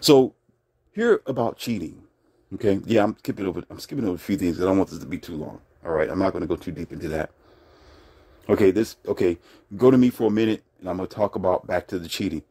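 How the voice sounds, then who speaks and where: A man's voice: sits low, fast talker, mellow, slightly rough, dry recording. A man giving relationship commentary in a blunt, brash, lecturing manner. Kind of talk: casual commentary monologue.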